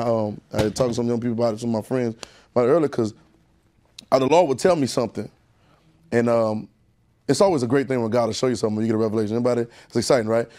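Male preacher, sermon delivery, folksy asides to the congregation, climbs in pitch and volume on key points. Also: warm tone. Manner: call-and-response preaching, building in pitch and volume.

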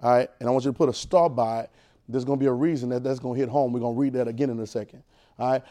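A man's voice: medium pitch, fairly even intonation, very fast, dark tone. A man preacher teaching a Bible class, repeating phrases and pulling call-and-response answers from the room.

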